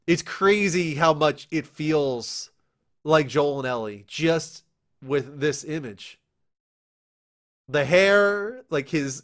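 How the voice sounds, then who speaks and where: Lively, excitable young man hosting. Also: fairly high pitch. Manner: excitable, animated, quick asides. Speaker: show host. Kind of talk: casual entertainment news commentary.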